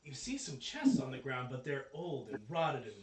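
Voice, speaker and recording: Lively profane male game master. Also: medium pitch, moderate pace, a crowd in the background. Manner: profane, excitable, hesitant with fillers. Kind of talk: narrating a tabletop game. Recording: echoey room, distant mic.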